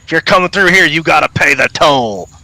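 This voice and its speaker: A man voicing a gruff older male toll-keeper who guards a sewer crossing with a crossbow and makes threats. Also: fairly high pitch, lively intonation, fairly quick, dry recording, pitched above the performer's own voice, full character voice. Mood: threatening. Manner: demanding and threatening, then loud and frantic.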